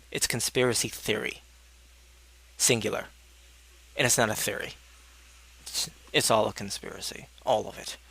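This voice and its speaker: A man's voice: mid-range voice, a bit bright. A young man in a casual, rambling monologue, answering questions in a sardonic tone and swearing freely. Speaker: video blogger answering questions.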